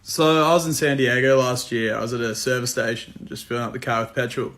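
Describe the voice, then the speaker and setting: A man's voice: medium pitch, fairly even intonation, quick pace, fairly bright tone. A man from Australia with an Australian accent, telling a bemused story in a laid-back way. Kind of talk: casual storytelling.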